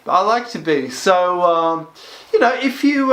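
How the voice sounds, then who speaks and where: Man, fairly high voice, casual review vlog, rambling with fillers. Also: expressive, a little slow, a bit bright, slight background noise. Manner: rambling, many fillers and restarts. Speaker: watch reviewer, channel host.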